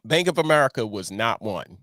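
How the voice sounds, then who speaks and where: A middle-aged man hosting a casual commentary show, talking in an animated way, repeating himself and firing off rhetorical questions. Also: fairly low pitch, a little fast, no echo, clean studio sound. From Baltimore. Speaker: online show host.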